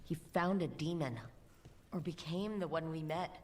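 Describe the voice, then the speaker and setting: A woman voicing a grim game companion who studies old writing in a ruin, speaking low and steady. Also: normal speed, slight background noise, natural voice. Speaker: game character.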